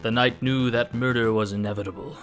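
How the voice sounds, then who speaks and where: A man's voice: medium pitch, steady tone, fairly quick, faint music behind, lightly acted. A man voicing a cunning male fox who poses as a prince, talking in a suave, theatrical way with a put-on Spanish accent. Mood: confiding.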